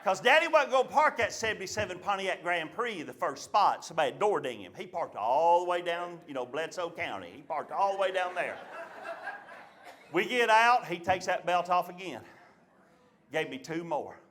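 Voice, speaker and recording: A man from the Chattanooga area with a Southern American accent, telling a childhood story in an animated, folksy stand-up style on a live comedy stage. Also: high-pitched, normal speed.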